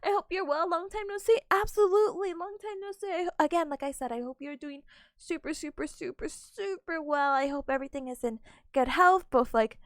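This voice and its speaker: A woman's voice: extremely high pitch, a little fast, no echo, studio quality. A young adult woman streaming, chatting casually and greeting her chat in a bubbly, giggly way.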